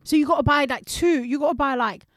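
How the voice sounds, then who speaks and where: A young woman, co-hosting a casual chat and telling a story with slang, swearing and quick laughs. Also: sits high, no room sound, studio quality. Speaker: radio and podcast co-host.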